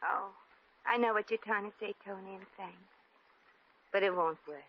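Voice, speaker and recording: An actress playing a brash, slangy American shop girl in a 1950s radio drama, quick with wisecracks. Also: medium pitch, a little hiss or hum, lightly acted. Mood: wry. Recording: dull old radio recording.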